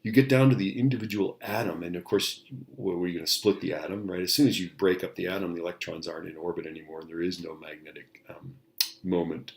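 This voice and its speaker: A man's voice: sits low, steady tone, fast talker, gravelly. A man teaching a physics lecture in a casual, rambling way, often checking in with the class and restarting his sentences. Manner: casual, tag questions, many fillers and restarts. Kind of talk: recorded lecture.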